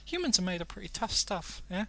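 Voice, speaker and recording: A British man doing a small wise spirit in a game, recounting the past in a bright, thoughtful voice. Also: high-pitched, sing-song, fairly quick, creaky, faint music behind, voice pushed up, exaggerated voice. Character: wise nature sprite.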